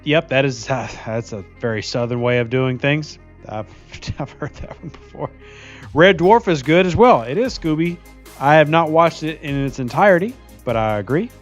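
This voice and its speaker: While playing a mobile game on a live stream, a man chats casually and cracks jokes, laughing frequently and reading viewer comments aloud. His voice is a little high and animated, at a moderate pace, with faint music behind him.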